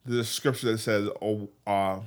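A man earnestly telling a personal faith story, often halting and restarting his sentences. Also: on the low side, fairly even intonation, smooth. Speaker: guest telling his testimony.

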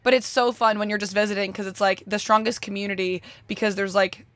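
A woman's voice: medium pitch, fairly even intonation, quick pace, a bit bright. A woman hosting a casual interview, asking friendly, rambling questions full of "like". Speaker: podcast host.

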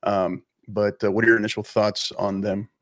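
Guy hosting a sports chat, lowish voice, dry mic, easygoing questions. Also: flat delivery, moderate pace, fairly bright tone, dry recording. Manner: conversational, ends points with "right?". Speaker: sports show host. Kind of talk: casual interview.

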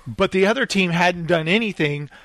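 A man telling a story in casual chat, lively and acting out the people in it. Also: sits high, normal speed, no room sound. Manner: animated, acts out the people in his stories.

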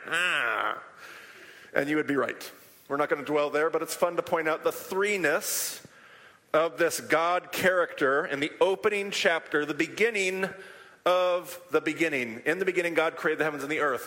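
A man teaching a live group, animated, having them repeat Hebrew words aloud. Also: fairly high pitch. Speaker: podcast teacher. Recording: long hall reverb.

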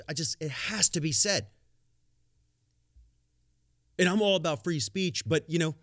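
A man's voice: mid-range voice, dry recording, studio quality. A man hosting a solo podcast, talking bluntly and profanely in a rambling, off-the-cuff way. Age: adult, has a young daughter. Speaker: podcast host. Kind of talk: casual solo podcast monologue.

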